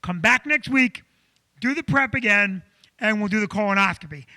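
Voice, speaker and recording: A man playing a patient, slightly patronizing doctor, a touch lower than his own voice. The voice stays bright and dry, and it explains things in a measured, apologetic way. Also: dry recording. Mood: calm. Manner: measured, apologetic, matter-of-fact. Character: calm, patronizing male doctor.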